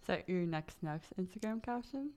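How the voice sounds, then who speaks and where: Woman co-host, gravelly voice, lively ups and downs, lots of laughing. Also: fairly low pitch, moderate pace. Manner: laughs often, teasing quips. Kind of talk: casual chat.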